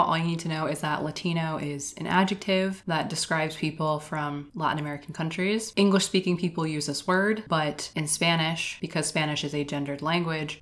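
A young woman with a low, full voice lays out a topic to her viewers point by point. She speaks clearly and explains things carefully, with the odd dry, offhand aside. It sounds like a read script, delivered in the tone of a relaxed video essay.

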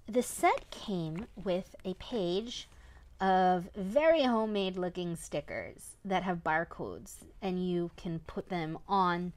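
A woman's voice: on the low side, no echo. A woman, a parent, chatting through a casual toy review and often tagging a questioning "right?" onto her points.

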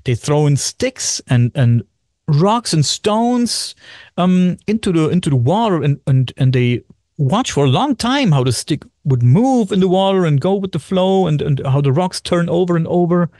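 A man, a podcast guest in casual chat, talking excitedly, repeating himself and swearing often. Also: fairly high pitch, normal speed, no echo, clean studio sound. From Germany.

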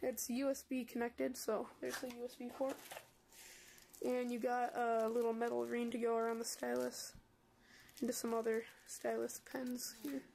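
A woman's voice: on the high side, little pitch movement, moderate pace, gravelly, darkish tone, slight background noise. A congested young woman casually reviewing a graphics tablet and showing how she draws, chatty and rambling with many fillers. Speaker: product reviewer. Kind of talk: casual product review and drawing demo. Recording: music playing behind the voice.

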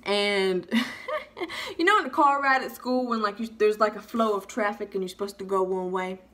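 A young woman vlogger telling a funny storytime, animated and freely swearing. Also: medium pitch, normal speed. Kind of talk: storytime vlog.

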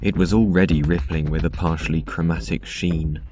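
Deep-voiced man narrating a dark story. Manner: measured, even storytelling. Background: synth music.

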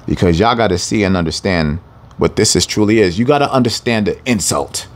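A man's voice: on the low side, expressive, brisk. A man teaching a scripture lesson, speaking emphatically, repeating phrases for stress and addressing his listeners as family. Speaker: Bible teacher.

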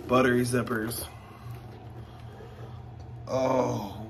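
A man chatting casually while unboxing luxury items, gushing and exclaiming with excitement. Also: medium pitch, slow, long pauses, noisy background.

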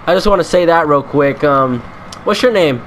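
A man's voice: on the high side, moderate pace, a bit bright, slight background noise. A man giving casual, jokey commentary while playing a game, chatting to the enemies and laughing often. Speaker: let's play gamer.

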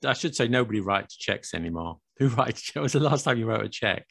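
A man's voice: lowish voice, animated, quick pace, vocal fry, a bit bright, dry recording, clean studio sound. A British man co-hosting a podcast in casual chat, playful and teasing, with self-mocking asides. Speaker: podcast co-host.

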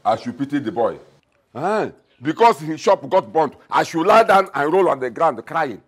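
A man's voice: a little high, very animated, normal speed, slightly rough. A scornful blustering father. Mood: bossy. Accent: Nigerian. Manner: mocking, blustering. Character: scornful older father demanding his food. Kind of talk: Nollywood film acting.

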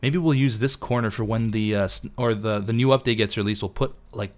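Lower-voiced man chatting through a game. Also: fairly quick. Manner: chatty, talks to himself while building. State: losing his voice. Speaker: let's play host. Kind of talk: casual gameplay commentary.

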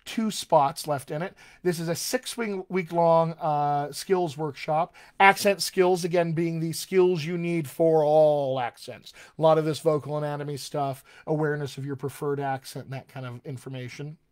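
A man, a dialect coach, teaching a live-streamed voice lesson, chatty and encouraging, slowing right down to lead repeat-after-me drills. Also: fairly high pitch, steady tone, a little mellow.

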